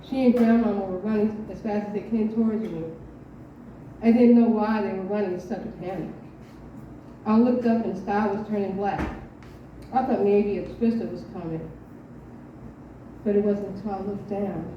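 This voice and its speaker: Woman performer, open mic, reading her short story, measured delivery, distant mic, dull sound. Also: mid-range voice, steady tone, slight background noise. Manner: measured storytelling with hesitant asides. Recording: echoey dull room from far off.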